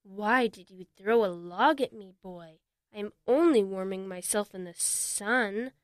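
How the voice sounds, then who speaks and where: A woman voicing a calm, wise male snake who speaks slowly and measuredly in a storybook. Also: mid-range voice, no room sound, clean studio sound, voice pushed down, lightly acted. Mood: puzzled.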